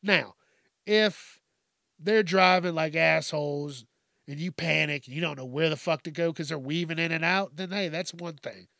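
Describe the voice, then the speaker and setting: A man's voice: on the high side, moderate pace, creaky, sharp tone, dry recording, clean studio sound. A man hosting a podcast, delivering a profane comedic rant and laughing at his own jokes. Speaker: podcast host.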